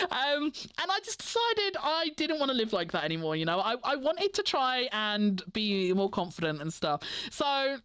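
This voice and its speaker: A woman's voice: high-pitched, very animated, normal speed, fairly bright tone, no echo. A young woman chatting casually on a livestream, rambling with many "like" fillers and frequent giggles. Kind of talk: casual chat stream.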